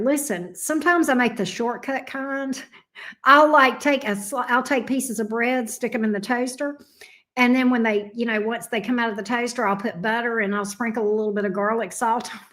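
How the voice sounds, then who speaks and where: A Southern woman from Alabama hosting a live stream, chatting casually and rambling as she reacts to viewer comments. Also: on the high side. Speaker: tarot reader and live stream host.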